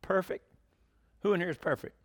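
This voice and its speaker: Middle-aged male preacher, high voice, emphatic, conversational, questions the congregation. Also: brisk. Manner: emphatic, swings between loud declarations and quiet asides. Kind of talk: sermon.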